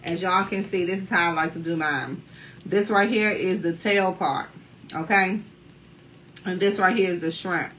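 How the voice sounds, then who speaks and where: Chatty woman vlogger with a bright voice. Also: on the low side. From Washington, D.C. area. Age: 30s. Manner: talkative, keeps addressing viewers as y'all. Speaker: mukbang vlogger. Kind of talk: casual chatty food review while eating. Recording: dull, slightly distant sound with faint room noise.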